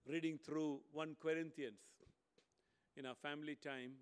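A male preacher delivering a sermon in a slightly high voice. He swings between loud, emphatic lines and hushed, quiet ones. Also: steady tone, measured pace, clean tone.

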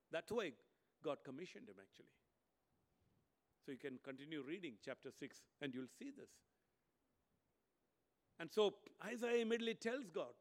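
In an animated sermon, a man whose voice sits on the high side alternates between emphatic, loud delivery and quiet, hushed lines.

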